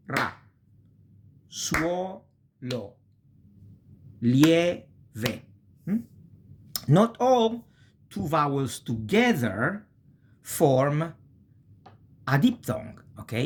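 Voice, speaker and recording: A man teaching a language lesson, speaking slowly and deliberately and often checking in with "eh?". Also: medium pitch, slightly rough. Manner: slow and deliberate, frequent checking tags like "eh?". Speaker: Italian teacher.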